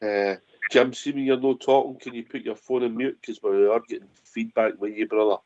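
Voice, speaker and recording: A man's voice: medium pitch, fairly even intonation, a little fast, a little mellow, no room sound, lo-fi sound. A Scottish man hosting a football phone-in, chatting casually and passing to callers. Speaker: host.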